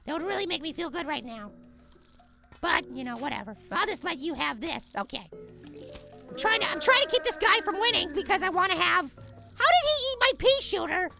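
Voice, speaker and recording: Squeaky gravelly little cartoon apple guy, frantic gamer yelling at the game, game music behind. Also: big pitch swings, normal speed, full character voice. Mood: frantic excited. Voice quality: squeaky, sped-up high voice. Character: tiny hyper cartoon apple boy, excitable and squeaky. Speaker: let's play gamer. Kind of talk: let's play commentary.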